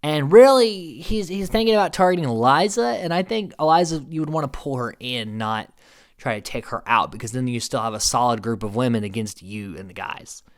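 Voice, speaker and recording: Animated man giving opinionated commentary. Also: mid-range voice, fairly quick. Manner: animated, opinionated, swears, many fillers. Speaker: show recap commentator. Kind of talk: casual commentary.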